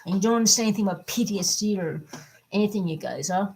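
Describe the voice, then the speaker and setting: A middle-aged woman giving a personal video update, upset and swearing, her voice swinging between loud anger and quiet, subdued talk. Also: mid-range voice, fast talker, a little hiss or hum, poor audio. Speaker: vlogger.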